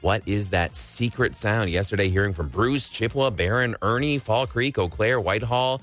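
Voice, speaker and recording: A man's voice: on the low side, normal speed, fairly bright tone, soft background music. A man co-hosting a morning radio show, announcing a call-in game in a promo style.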